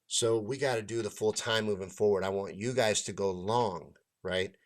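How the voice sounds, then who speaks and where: A man's voice: on the low side, moderate pace, natural voice. A man quoting a bossy club owner. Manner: bossy, insistent. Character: angry, pushy male comedy club owner.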